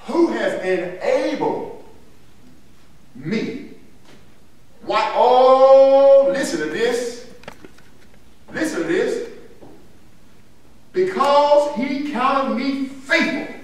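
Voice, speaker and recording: A man's voice: extremely high pitch, expressive, drawn-out words, long pauses. A man pastor teaching a Bible lesson in a church, emphatic and repetitive, laughing between his points. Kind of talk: call-and-response church teaching. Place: church sanctuary. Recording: echoey room from far off, some noise.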